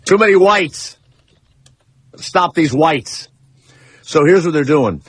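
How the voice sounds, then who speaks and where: A man's voice: on the high side, lively intonation, slow pace, slightly rough, dry recording. A male radio show host in casual talk, joking and rambling with fillers.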